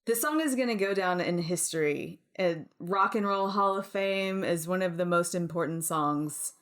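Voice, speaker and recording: A woman's voice: on the low side, moderate pace. A woman co-hosting a podcast, chatting casually in a wry way and laughing easily. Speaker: podcast co-host. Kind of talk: casual chat.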